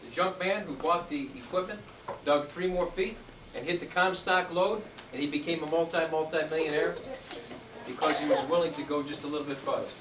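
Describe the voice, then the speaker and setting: A man speaks to a room of students in a motivational talk, stretching out his key words and calling for the audience to answer. He is heard from a distance in a roomy, echoing space. Steady background noise runs under the voice. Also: on the high side. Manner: call-and-response, drawn-out emphatic words. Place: indoor room with students and adults. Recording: echoey room, distant mic, noisy.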